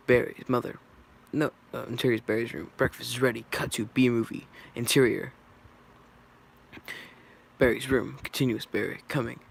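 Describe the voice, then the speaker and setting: A man's voice: medium pitch, creaky, breathy edge. A man casually reading a script aloud, stumbling and correcting himself as he goes. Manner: stumbling, self-correcting, offhand. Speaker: reader.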